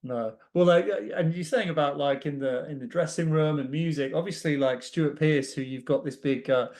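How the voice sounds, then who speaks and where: A man's voice: fairly high pitch, moderate pace, a little mellow. A man hosting a podcast, chatting casually and telling stories with laughs. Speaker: podcast host. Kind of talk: casual interview chat.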